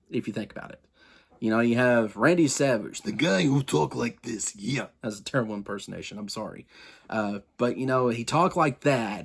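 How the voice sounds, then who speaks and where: Chatty man rambling through wrestling history. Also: mid-range voice. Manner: rambling and chatty, with frequent asides and self-corrections; opinionated, addresses viewers directly. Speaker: wrestling history show host. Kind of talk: casual history talk to camera.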